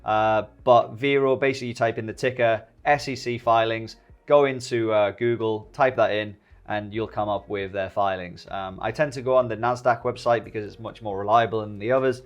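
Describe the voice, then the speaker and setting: A man's voice: fairly low pitch, fairly even intonation, moderate pace, few pauses. Chatty man walking through a stock chart. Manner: chatty, jokey, speaks to viewers directly. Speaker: stock trading YouTuber. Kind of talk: casual trading tutorial over a chart.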